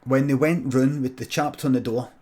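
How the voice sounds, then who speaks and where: Deadpan Scottish man telling a sweary story. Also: mid-range voice. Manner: deadpan, sweary narration with quick muttered asides. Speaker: comedian streamer. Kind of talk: improvised comic storytelling.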